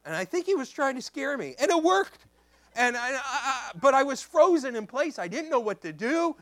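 A man preaching as a pastor, telling a story in an animated way and acting out the voices in it. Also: extremely high pitch, fairly quick, no room sound. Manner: animated, acts out voices in his stories. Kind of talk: storytelling sermon.

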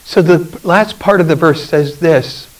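A man preaching a communion sermon, telling a story in a halting way with fillers. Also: on the high side, far from the mic, low-quality recording. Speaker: pastor.

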